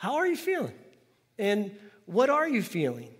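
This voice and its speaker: A man's voice: high-pitched, wildly swooping pitch, normal speed, breathy edge. Guy pastor giving a sermon in church, casual talky style, gets folks to say stuff back, long echo tail. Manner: conversational, asks the congregation to repeat after him. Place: church sanctuary. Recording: long hall reverb.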